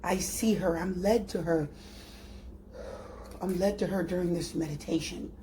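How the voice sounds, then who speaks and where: A woman who reads tarot, narrating a guided spiritual meditation in a slow, dreamy, soft-spoken manner, often repeating herself. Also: fairly low pitch, fairly even intonation, slight background noise. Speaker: tarot reader.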